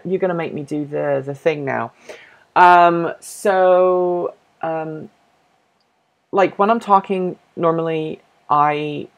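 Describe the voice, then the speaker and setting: A host from Norfolk, England, with an accent that mixes British and American English, chatting casually on a livestream and answering viewer questions while thinking aloud and correcting themself. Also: mid-range voice. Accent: mixed British and American English.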